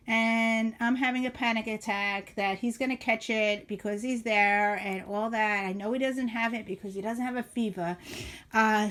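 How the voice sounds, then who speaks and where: A middle-aged woman talking casually at home while flipping through her journal, hesitant with many ums and pauses, and a little emotional. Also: mid-range voice, fairly bright tone. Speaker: vlogger.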